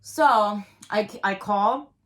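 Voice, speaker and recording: A woman's voice: medium pitch, very slow. Rambling woman telling a story. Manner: rambling, animated, lots of "like". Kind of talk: casual storytelling chat.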